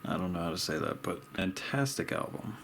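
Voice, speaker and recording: A man's voice: deep voice, expressive, a little fast, vocal fry, fairly bright tone, slight background noise. A young man chatting casually while he paints, laid-back and rambling, with a habit of saying dude and bro. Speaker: art vlogger.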